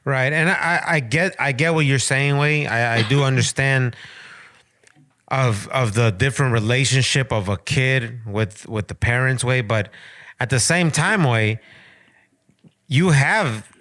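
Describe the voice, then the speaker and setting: Brief: Mexican-American man, mid pitch, dry close mic, heated code-switching chat. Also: measured pace, fairly bright tone, dry recording. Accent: Mexican-American English. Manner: heated, slips between English and Spanish. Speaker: podcast co-host. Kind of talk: casual chat.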